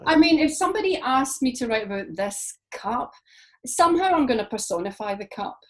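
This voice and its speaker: A woman's voice: sits high, brisk. A woman poet from Scotland, talking reflectively in an interview and telling stories with lots of fillers. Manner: reflective, animated storytelling with frequent fillers. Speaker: poet guest. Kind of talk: interview conversation.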